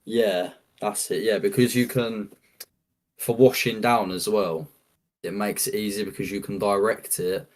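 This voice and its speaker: A man with a fairly low voice explains his cleaning equipment, often restarting his sentences. He talks in an easygoing, casual way as a guest. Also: fairly even intonation, a little slow, slight background noise. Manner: explains with many restarts, says "yeah" a lot. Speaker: guest, property cleaning business owner. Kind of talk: casual chat.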